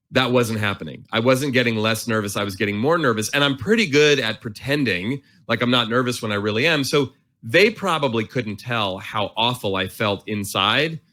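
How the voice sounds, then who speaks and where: A man in his forties tells a story at a quick clip, lively and self-mocking as he plays out the nervous voice in his head. His pitch sits in the ordinary middle for a man. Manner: animated, self-mocking, acts out his inner voice. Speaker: author and guest. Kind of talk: storytelling in a conversation.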